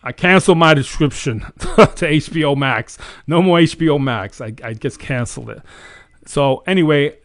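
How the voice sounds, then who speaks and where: A man's voice: on the high side, moderate pace, dry recording. A man hosting a faith show, telling a dream story in an earnest, casual way. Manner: earnest storytelling, animated retelling. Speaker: host. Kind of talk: casual testimony.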